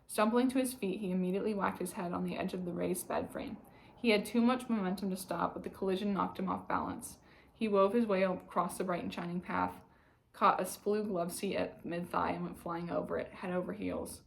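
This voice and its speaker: A woman reading a novel aloud in calm, even narration. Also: on the low side, brisk, gravelly, low-quality recording. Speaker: audiobook reader.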